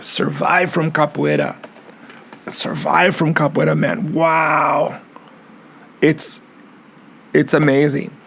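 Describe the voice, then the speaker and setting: A middle-aged man hosts his own podcast in a solo, reflective monologue. His voice is strongly gravelly with constant vocal fry, sitting a little high for a man. He talks earnestly, often repeating words as he gathers his thoughts. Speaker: capoeira master and podcast host.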